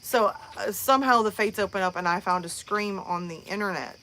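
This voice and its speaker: A woman's voice: mid-range voice, a little fast, pushed and bright, slight background noise. A woman host chatting casually on a live stream, rambling with many fillers and restarts.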